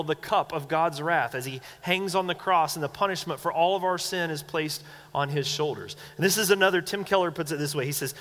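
A young man preaches a sermon with a bright, forceful tone and a slightly high voice. He acts out quoted voices with big swings in pitch. His words ring out with a long reverb, as if recorded in a large hall. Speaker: pastor.

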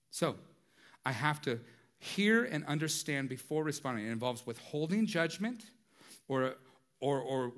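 A man's voice: fairly high pitch, fairly bright tone. A man preaching a sermon in a conversational way, with light humor and frequent rhetorical asides. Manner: light humor, acts out everyday dialogue. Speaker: pastor.

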